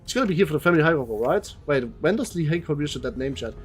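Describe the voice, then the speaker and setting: A young man streaming a game live, reacting excitedly out loud and swearing freely. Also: fairly high pitch, fast talker, faint music behind.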